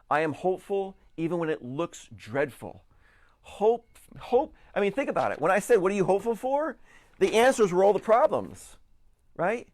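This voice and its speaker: A man's voice: on the high side, dry recording. A man giving an earnest motivational talk, stumbling over and repeating words as he pushes his point.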